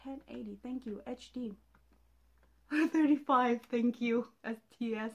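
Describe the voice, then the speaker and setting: A woman's voice: on the high side, a little slow, darkish tone. A young woman reacting to music video trailers, gushing and swearing, with sudden shrieks between muttered asides. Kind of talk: excited reaction commentary.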